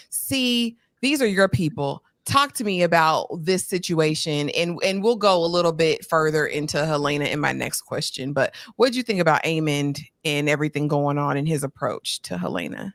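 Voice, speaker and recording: A woman with a lowish voice hosts a casual recap stream. She retells the scenes with dramatic emphasis, and her voice sounds dry and close with no room around it. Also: expressive, moderate pace, hardly any pauses, dry recording. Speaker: live stream host. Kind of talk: casual show recap chat.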